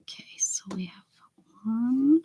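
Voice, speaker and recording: At a normal speed and in a lowish voice, a northern US woman talks casually while painting on her craft livestream. She murmurs and whispers little asides to herself between answers to her viewers' chat.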